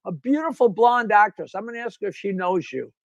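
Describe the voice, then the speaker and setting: High-voiced brash older Long Island man. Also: lively intonation, fairly quick, a bit bright, dry recording. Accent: Long Island New York. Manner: brash, rambling, laughs at his own jokes. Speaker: guest comedian. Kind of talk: casual chat and joke telling.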